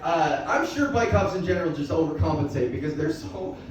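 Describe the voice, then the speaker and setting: Male stand-up comic, high voice, loose and profane, echoey bar from far off, loud crowd. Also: expressive, fairly quick, slight background noise. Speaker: stand-up comedian. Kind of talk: stand-up set.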